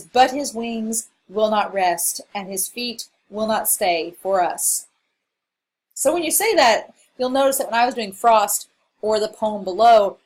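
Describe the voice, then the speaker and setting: Female English instructor, recorded slide lecture; relaxed, filler-heavy delivery, faint background hiss. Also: mid-range voice, low-quality recording. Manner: casual, explanatory, with frequent fillers.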